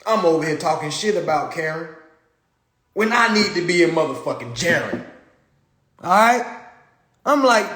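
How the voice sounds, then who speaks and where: A man hosting a live stream, ranting in a casual comedic way, profane and animated, and laughing often. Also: fairly high pitch, normal speed, pauses often, roomy sound.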